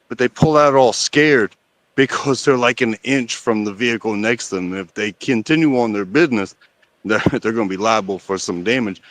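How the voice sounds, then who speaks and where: Male guest, mid pitch, dead-dry sound, earnest rambler. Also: normal speed, dry recording. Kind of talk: casual storytelling on a stream.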